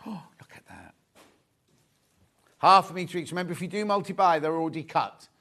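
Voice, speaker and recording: Guy hosting a live shopping show, bit high voice, gushes and repeats himself. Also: expressive, fairly quick, bright, forceful tone. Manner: chatty and gushing, repeats phrases. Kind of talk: live sales chat.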